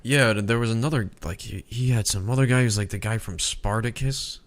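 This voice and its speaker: A man's voice: fairly low pitch, a little fast. A young adult man co-hosting a podcast in casual chat, rambling with frequent laughs and swearing. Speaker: podcast co-host.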